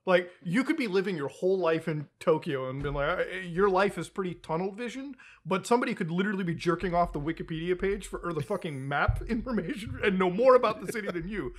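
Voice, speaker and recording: A man's voice: high voice, fast talker, hardly any pauses. A man co-hosting a casual podcast chat, swearing often and laughing as he talks. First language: Hindi. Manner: animated, swears a lot, laughs while talking. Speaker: podcast co-host.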